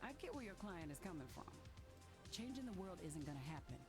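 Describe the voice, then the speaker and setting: A wry, kindly older bartender with a lowish voice. Her delivery rises and falls in lively swoops, and game music sits clearly behind her. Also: brisk. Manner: wry, motherly teasing. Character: seasoned older woman bartender, wry and kind.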